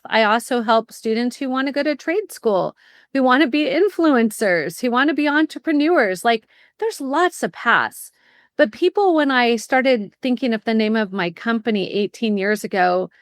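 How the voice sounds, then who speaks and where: A middle-aged woman talking as a podcast guest, lively and confident, about her consulting work. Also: fairly high pitch, no room sound, clean studio sound. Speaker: guest, college planning consultant. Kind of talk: casual interview. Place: home in Southern California.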